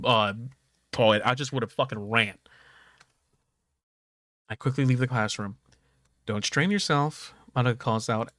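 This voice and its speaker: A man streaming a game, reading its dialogue aloud and breaking off into excitable, profane reactions. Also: medium pitch, no echo, clean studio sound.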